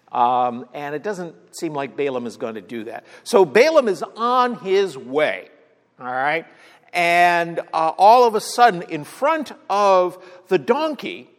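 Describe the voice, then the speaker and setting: Pastor guy telling a bible story real slow, chatty, lots of "all right?", long hall echo. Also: a little high. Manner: storytelling, conversational, frequent "all right?" check-ins. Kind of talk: sermon.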